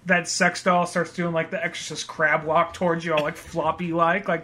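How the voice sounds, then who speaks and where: Young guy, slightly high bright voice, joking podcast co-host. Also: little pitch movement, moderate pace, a little hiss or hum. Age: young adult. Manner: joking, laughing banter. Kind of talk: casual chat.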